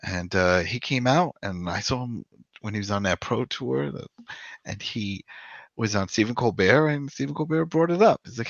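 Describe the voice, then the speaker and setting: A man co-hosting a podcast in casual discussion, rambling and animated, with frequent "you know". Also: on the low side, normal speed, vocal fry, no room sound. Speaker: podcast co-host. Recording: dull lo-fi dry sound.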